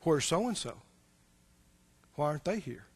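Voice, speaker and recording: A middle-aged man preaching a sermon as pastor, swinging between loud outbursts and soft asides, chuckling between points. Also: fairly high pitch, big pitch swings, measured pace, breathy edge.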